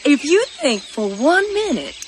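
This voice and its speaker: An actress playing a feisty, stubborn wife with a sassy, insistent way of talking. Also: female voice, high voice, sing-song, measured pace. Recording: noisy film soundtrack.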